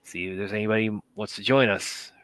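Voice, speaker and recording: Male co-host, very deep yet forceful voice, stumbling delivery, dry sound. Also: clear, resonant tone, dry recording. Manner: halting, repeats words. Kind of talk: casual stream chat.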